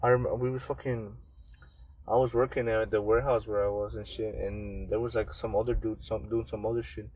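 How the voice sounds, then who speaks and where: A man's voice: on the low side, level tone, fairly quick, darkish tone, a little hiss or hum, poor audio. A young man co-hosting a podcast in casual chat, rambling with plenty of swearing and frequent restarts. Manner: profane, rambling, often restarts sentences. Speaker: podcast co-host.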